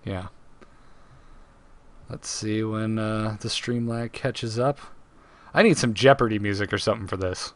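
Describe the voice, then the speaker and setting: A man's voice: lowish voice, fairly even intonation, measured pace, pauses often. A man co-hosting a casual live podcast, running a trivia segment and reading quotes with playful emphasis.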